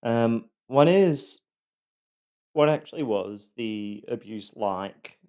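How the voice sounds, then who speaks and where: A man's voice: mid-range voice, animated, slow pace, mellow. A man with an Australian accent, telling his own story in a loosely scripted monologue, rambling with many ums and a wry, self-deprecating edge.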